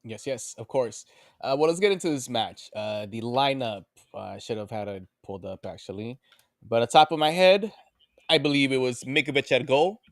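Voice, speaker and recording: A man's voice: mid-range voice, moderate pace, dry recording. Laid-back man on a dry mic. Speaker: podcast co-host. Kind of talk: casual chat, reading out a lineup.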